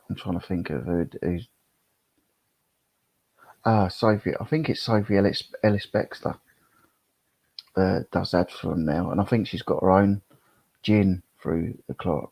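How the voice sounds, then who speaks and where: Deep gravelly man chatting on a live stream. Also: fairly even intonation, moderate pace, pauses often, a little mellow, no echo. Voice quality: gravelly, husky. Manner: rambling, reads chat comments aloud. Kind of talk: casual live-stream chat. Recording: dull, lo-fi sound.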